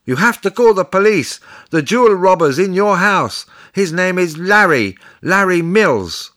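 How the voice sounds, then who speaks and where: Scared child yelling a warning, voiced by a man, high, loud, bright tone, storybook reading. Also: big pitch swings, measured pace, exaggerated voice. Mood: urgent. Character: frightened child shouting urgently.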